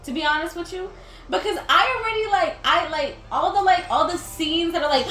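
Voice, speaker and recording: Her pitch is extremely high, her pace fairly quick, and her tone bright and forceful: a young woman hosting a gaming video, chatting casually as she plays. She rambles, laughs, and says "like" a lot. Game music plays behind her in a roomy-sounding recording.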